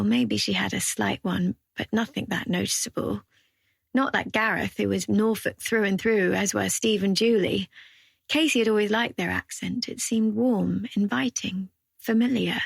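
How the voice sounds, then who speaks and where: A woman narrating an audiobook thriller in an even, measured reading. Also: medium pitch, creaky, husky, no room sound, clean studio sound. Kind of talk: scripted narration.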